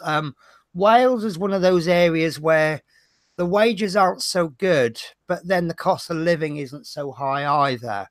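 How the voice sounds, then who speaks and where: A man's voice: high-pitched, no echo. Chatty man with a Norfolk accent. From Norfolk, England. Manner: chatty, rambling, self-mocking. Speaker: livestream host. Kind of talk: casual livestream chat.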